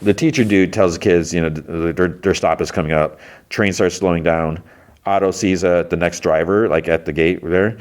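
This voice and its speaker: A man's voice: sits low, fairly even intonation, normal speed. A male podcast host giving a rambling, casual recap of a TV episode, full of fillers and restarts.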